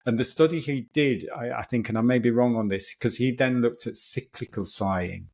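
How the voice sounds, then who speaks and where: A man's voice: mid-range voice, normal speed, gravelly, darkish tone. A man who coaches breathwork, explaining it as a podcast guest in an enthusiastic, chatty way with frequent restarts.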